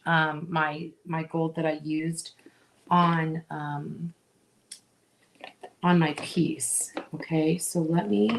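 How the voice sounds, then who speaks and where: Speaking slowly and casually, a middle-aged craft video host demonstrates a project, chatting to viewers as she works and often pausing for asides and fillers. Her voice is on the low side for a woman, relaxed and conversational, with slight background noise behind it.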